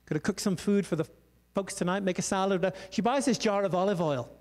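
A man's voice: high voice, fairly quick, a little mellow. A man preaching a sermon in a conversational, storytelling way, full of asides. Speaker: pastor. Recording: long hall reverb.

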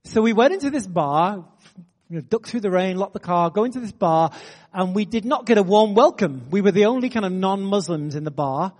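A man preaching a sermon, telling a story with animated energy. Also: sits high, a little fast, big-room sound. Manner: animated, building excitement in anecdotes.

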